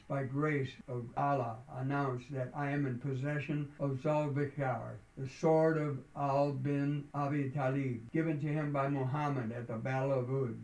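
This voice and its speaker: A man's voice: medium pitch, recorded from a distance, lightly acted. A man reading a fiery male militant leader. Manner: declamatory, rising to shouts. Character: male militant leader proclaiming holy war. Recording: roomy echo.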